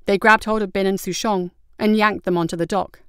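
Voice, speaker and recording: A woman reading a story aloud in a measured, scripted narration. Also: medium pitch, fairly even intonation, fairly bright tone, smooth, no room sound, studio quality.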